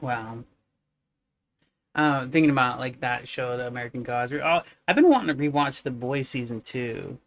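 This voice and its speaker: A speaker chatting casually as co-host of a home-recorded talk series, animated, laughing often and swearing freely. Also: mid-range voice, moderate pace. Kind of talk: casual chat.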